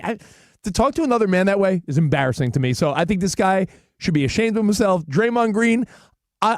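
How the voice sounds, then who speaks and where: A man's voice: high-pitched, no room sound, studio quality. A middle-aged man co-hosting a sports radio show, chatting casually and acting out quotes as he tells a story. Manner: animated storyteller, acts out quotes. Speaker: co-host.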